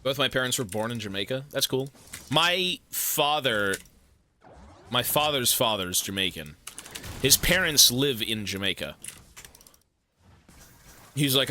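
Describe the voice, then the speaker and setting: A man's voice: medium pitch, animated, a little slow, long pauses, pushed and bright, slight background noise. A man from Canada streaming a game, chatting casually in a rambling, profane, joking way. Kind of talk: casual chat while gaming.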